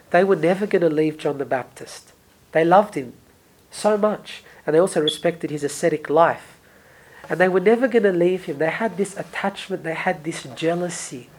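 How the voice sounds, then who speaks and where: A Bible study teacher giving an earnest verse-by-verse talk, repeating key phrases for emphasis and moving between emphatic and hushed delivery. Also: medium pitch.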